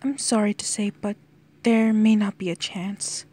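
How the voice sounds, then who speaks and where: A woman's voice: medium pitch, steady tone, a little slow, a little mellow, close to an everyday voice. A woman voicing a blunt, curt female hospital nurse.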